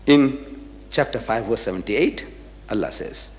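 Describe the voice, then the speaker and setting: A man's voice: fairly low pitch, measured pace, big-room sound. A man giving a live lecture to an audience. He speaks emphatically, throws rhetorical questions at the crowd, spells out words and chants phrases. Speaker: public lecturer.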